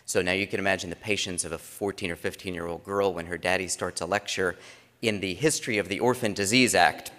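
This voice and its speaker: A man's voice: low voice, steady tone, fast talker, pushed and bright. A man giving opening remarks as conference chairman, telling stories in a loose, conversational way with frequent restarts, in a large conference room. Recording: long reverb of a conference hall.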